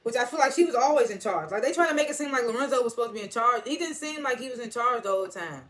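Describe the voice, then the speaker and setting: A woman's voice: fairly high pitch, lively intonation, very fast, fairly bright tone. A young adult woman chatting casually as she recaps a TV episode, retelling scenes in quoted snippets and speaking frankly. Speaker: TV episode reviewer.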